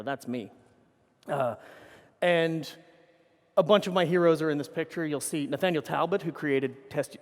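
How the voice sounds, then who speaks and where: Guy doing a keynote, kinda high voice, rambly stories, swears a lot, long echo from the big hall. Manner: rambling anecdotes with swearing and self-corrections. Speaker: keynote speaker. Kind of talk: conference keynote storytelling. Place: conference hall stage. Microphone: stage microphone.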